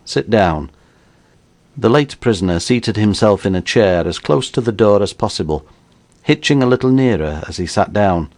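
A man reading an audiobook in a measured storytelling manner. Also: lowish voice, lively intonation, a little mellow. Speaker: narrator.

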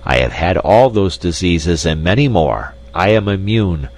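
Deep male reader playing a gruff, scornful chief. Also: animated, a little slow, exaggerated voice. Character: big, scornful desert chief, grown man.

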